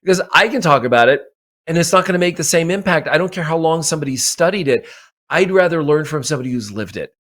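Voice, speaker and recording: Appearing as a podcast guest, a mindset coach gives a motivational interview, speaking emphatically and repeating phrases for effect. His voice is fairly high, bright and fast, with lively intonation.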